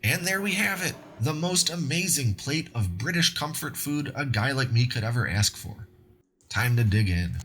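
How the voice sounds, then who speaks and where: A man's voice: medium pitch, lively intonation, moderate pace, a bit bright, slight background noise. A man hosting a cooking video, narrating recipe steps in an upbeat, conversational way. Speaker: cooking show host.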